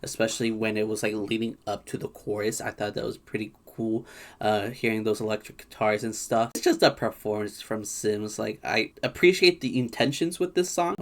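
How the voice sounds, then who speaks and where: A man's voice: lowish voice, fairly bright tone. An American man hosting a casual album reaction, thinking aloud with small restarts and chuckles. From United States. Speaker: music reaction channel host.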